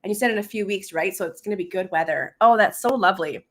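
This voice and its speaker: A woman's voice: medium pitch, fast talker, fairly bright tone. A woman hosts a casual live stream as a business coach, chatting with lots of laughter and fillers and reading comments aloud.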